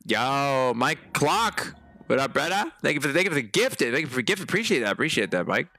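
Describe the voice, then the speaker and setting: A man's voice: mid-range voice, very animated, fairly quick, bright, forceful tone. A man giving chatty live commentary on a horror game, swearing often and talking to his viewers. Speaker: game streamer.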